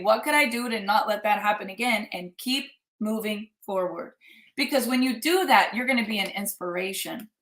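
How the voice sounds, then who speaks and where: A woman's voice: mid-range voice, a bit bright. Earnest woman coaching in a roomy space. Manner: earnest, emphatic, repeats for effect. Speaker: life coach. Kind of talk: motivational live talk.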